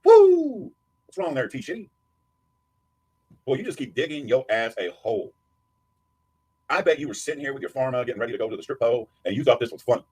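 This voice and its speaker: A man's voice: medium pitch, expressive, fast, pauses often, breathy edge. A man hosting a livestream, taunting and cursing in heated commentary aimed at a rival. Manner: taunting, profane, mocking. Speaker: livestream host.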